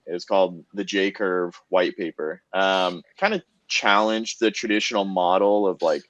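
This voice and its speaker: A man's voice: low voice, no echo. A man hosting a podcast, asking interview questions in a casual way with lots of "um" and "kind of". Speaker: podcast host. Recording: dull, dry sound.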